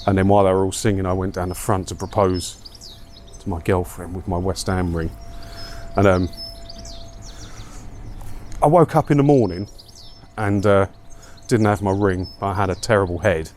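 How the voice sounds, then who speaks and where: Deep bloke rambling on his vlog while walking up a hill, chatty and taking the mick out of himself. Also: normal speed, pauses often, darkish tone, slight background noise. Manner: rambling, chatty, self-mocking. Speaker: vlogger. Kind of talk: casual walking vlog chat.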